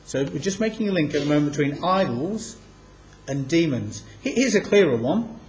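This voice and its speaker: A man teaching from the Bible, reading passages aloud and slowing down to stress key words. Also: fairly high pitch, expressive, darkish tone, a little hiss or hum. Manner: emphatic, slows down to stress quoted scripture. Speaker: preacher.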